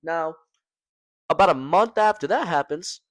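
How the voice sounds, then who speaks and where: Young male storytelling vlogger, animated slangy delivery, dry close sound. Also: fairly high pitch, a little slow, no echo. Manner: slangy, animated, fillers like "man" and "right?". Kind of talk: casual storytelling to camera.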